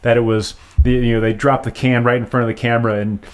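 A man's voice: medium pitch, level tone, quick pace, clear, resonant tone. Middle-aged man hosting a casual chat. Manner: friendly, curious, rambling questions with restarts. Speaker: host.

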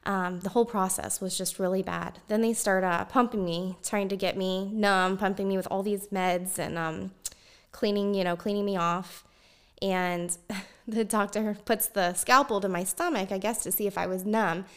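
A woman guest telling a personal story in conversation, animated and laughing often as she talks. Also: mid-range voice, moderate pace, clear, resonant tone.

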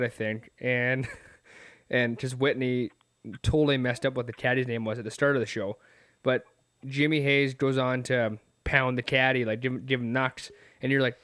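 A man's voice: mid-range voice, a bit bright, clean tone, no room sound, clean studio sound. A man hosting a podcast interview, joking around with his guest, swearing and laughing often. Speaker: podcast host. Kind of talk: casual interview chat.

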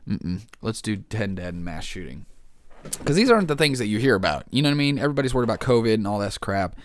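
Low-voiced man rambling over the news. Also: sing-song, fast talker. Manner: rambling, joking, says "man" and "dude". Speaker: vlogger reacting to news. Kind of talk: casual reaction commentary.

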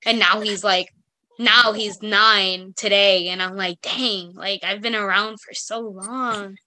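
Young female podcast co-host, bright tone, chatty and rambling, casual. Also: medium pitch, fairly even intonation, slow. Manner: chatty, rambling storyteller with many fillers. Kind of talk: casual chat.

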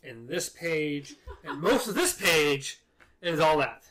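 Co-host with a lively, joking voice. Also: medium pitch, slow. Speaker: podcast co-host. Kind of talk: casual chat about a book.

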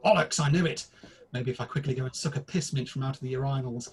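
A British comedy podcast co-host talks fast in a mid-range voice. His scripted pub banter is theatrical, crude and mock-formal.

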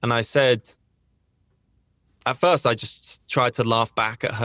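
A man's voice: mid-range voice, fairly even intonation, normal speed, long pauses, bright, forceful tone, dry recording, studio quality. A man hosting a podcast, telling a personal story in a rambling, earnest way with frequent restarts. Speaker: podcast host. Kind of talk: casual storytelling.

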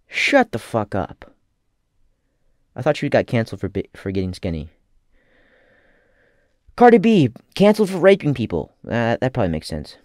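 A man giving casual comedic commentary as a vlogger, rambling and profane with deadpan asides. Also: medium pitch, dry recording, studio quality.

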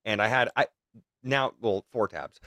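A man's voice: lowish voice, moderate pace, bright, forceful tone, no echo, studio quality. Casual swearing male podcast host. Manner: loose and profane, sharing his screen. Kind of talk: casual chat.

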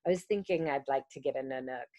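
A woman's voice: a bass voice, fast talker, no room sound, highs cut off. A woman in her thirties co-hosting a podcast, chatting casually about a movie and acting out scenes. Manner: animated, acts out lines from scenes. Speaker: podcast co-host. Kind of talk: casual movie recap chat.

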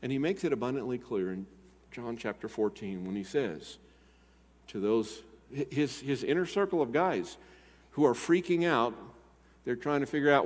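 Older man, pastor's sermon, loud-to-quiet swings, long church reverb. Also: medium pitch, expressive, normal speed. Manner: dynamic preaching, swinging between loud urgent appeals and quiet emphasis. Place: church sanctuary.

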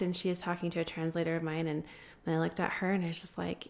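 A woman guest telling a long story in an interview, earnest and pausing often with fillers. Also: lowish voice, level tone, vocal fry. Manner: earnest, many filler pauses. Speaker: guest, founder of an anti-trafficking group.

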